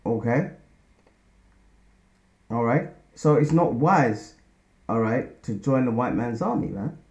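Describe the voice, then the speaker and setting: Mellow man teaching scripture. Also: mid-range voice, animated, takes it slowly. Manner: conversational, tags lines with "man" and "all right?". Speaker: religious teacher. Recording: dull lo-fi recording.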